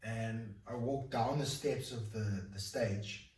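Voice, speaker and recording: A man's voice: medium pitch, fairly even intonation, slow pace, a little mellow, slight background noise. A South African man giving a candid personal testimony in conversation, telling it in an informal, rambling way with many fillers and restarts. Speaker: guest telling his faith story. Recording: echoey room, voice picked up from a distance.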